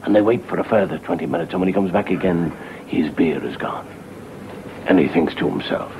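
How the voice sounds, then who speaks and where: A man telling a comic horror story with a dramatic delivery, dropping to a hushed whisper and swelling again. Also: low-pitched, animated, a little fast, vocal fry. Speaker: comedian storyteller. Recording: dull hissy old TV recording.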